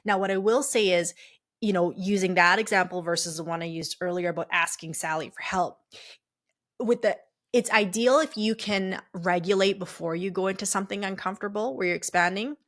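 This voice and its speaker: A woman's voice: mid-range voice, a little fast, fairly bright tone. A woman podcast host and coach telling a personal story in a candid, chatty way, full of fillers and restarts.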